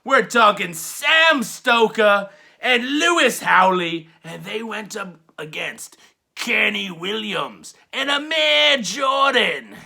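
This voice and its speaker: A rowdy man recapping wrestling for laughs, with a crude streak. His voice sits high with a gravelly edge and a sharp, bright bite. He talks slowly and swoops up and down, hollering his punchlines long and drawn out. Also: expressive. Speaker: wrestling show reviewer.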